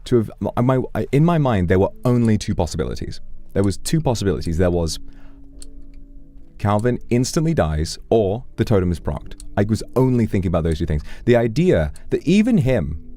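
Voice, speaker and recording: A young adult man streaming a game, chatting casually and playfully, joking and stammering when excited. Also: on the low side, moderate pace, faint music behind.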